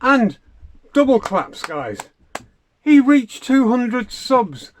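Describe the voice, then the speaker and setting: A man and fellow creator who records a message in a bubbly, effusive way, full of praise. His voice is high, and it swoops up and down with great liveliness. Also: big pitch swings, extremely slow, slight background noise. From United Kingdom. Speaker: fellow video creator sending a question.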